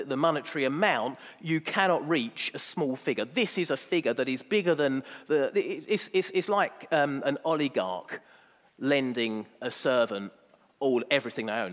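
A man's voice: mid-range voice, fairly bright tone, in a large hall. A man preaching a sermon, emphatic and fond of rhetorical asides.

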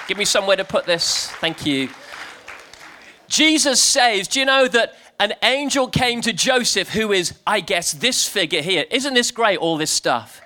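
A man giving a playful family church talk, telling a joke and then coaxing the congregation to join in. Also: sits high. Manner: lively, playful, coaxing the crowd. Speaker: preacher.

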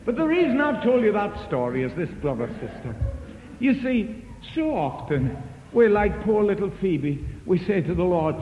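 Preacher guy telling stories, high voice that jumps around a lot, big echoey hall. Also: normal speed. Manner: animated, acts out voices of the people in his story. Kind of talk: storytelling sermon. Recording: echoey hall, dull lo-fi sound.

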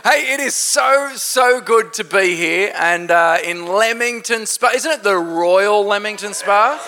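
A man preaching at a church service as a visiting pastor, joking and lively, with a congregation around him. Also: sits high, measured pace, noisy background. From Australia. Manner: jokey, lively preaching with laughter. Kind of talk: sermon.

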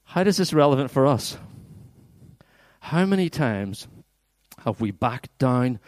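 This pastor's medium-pitched voice swings widely in pitch as he speaks slowly, teasing and urging his congregation to perform scripture in an interactive sermon. He's preaching in a church hall. The audio is studio grade and free of echo.

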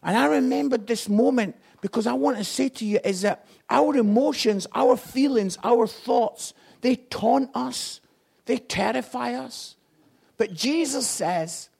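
Male preacher, high gravelly voice, impassioned sermon delivery that drops to a hush then climbs loud. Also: slow pace. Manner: impassioned, swinging from hushed to loud.

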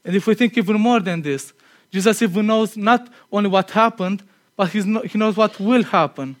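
A man with a high voice gives a conversational sermon to a congregation. He is earnest but chatty, laughs easily at himself, and sinks into a quiet, low tone when he wants a point to land. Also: moderate pace. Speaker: preacher.

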